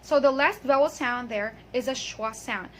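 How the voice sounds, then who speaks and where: A woman teaching an English pronunciation lesson. She is patient, models each word slowly and checks in often. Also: high-pitched, slight background noise. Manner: patient, drills words and checks with "okay?"; repeats words slowly to model them.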